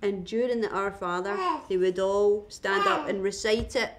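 A young woman with a Scottish accent, chatting as a guest, a lively storyteller who laughs often and acts out other people's voices. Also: medium pitch, moderate pace, heavy background noise. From Scotland. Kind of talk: casual chat.

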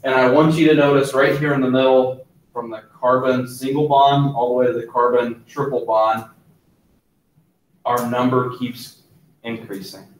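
A man teaching a chemistry class in a relaxed lecture style, often stopping to ask if there are questions. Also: mid-range voice, moderate pace, recorded from a distance. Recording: roomy classroom, voice from off-mic.

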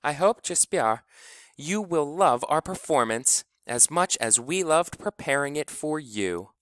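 A man's voice: fairly high pitch, expressive, unhurried, fairly bright tone, dry recording, pitched above the performer's own voice. A man voicing a glamorous, pretentious woman singer with affected mock-French flourishes. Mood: gushing.

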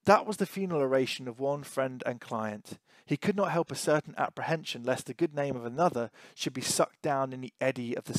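A man's voice: mid-range voice, no echo. Man teaching a novel chapter, dry close sound. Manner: thinking aloud with fillers and restarts, asking questions. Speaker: English teacher. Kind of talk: reading aloud and annotating a novel.

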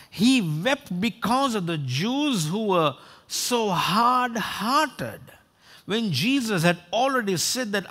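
A man preaching a sermon, animated, acting out quoted voices and often repeating and restarting his words. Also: high voice. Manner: animated, acts out quoted voices of God and people. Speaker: pastor.

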